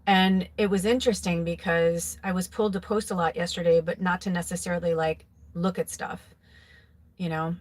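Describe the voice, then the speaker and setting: A woman with a lowish voice talks through a personal memory in an easy, confessional ramble. She strings her thoughts together with constant "like" and "you know." Her tone stays open and emotional throughout. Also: fairly even intonation, normal speed. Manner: rambling, filler-heavy, with frequent "like". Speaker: psychic tarot reader. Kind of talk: casual personal storytelling.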